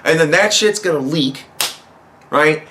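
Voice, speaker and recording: A man's voice: on the high side, unhurried, a bit bright, a little hiss or hum. Profane, rambling man hosting a podcast. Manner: rambling, profane, laughs often. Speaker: podcast host. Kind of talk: casual comedic monologue.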